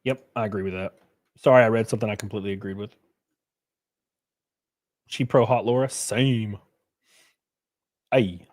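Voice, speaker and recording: A man's voice: on the low side, fairly even intonation, normal speed, long pauses, a little mellow, no room sound, clean studio sound. Loose, jokey male streamer. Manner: loose, jokey, slangy, reads chat aloud. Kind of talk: casual live-stream chat.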